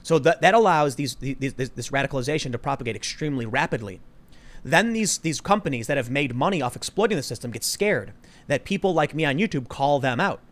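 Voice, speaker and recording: A man's voice: medium pitch, expressive, a little fast. Emphatic man hosting a political podcast. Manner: emphatic, argumentative. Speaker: podcast host. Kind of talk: casual political chat.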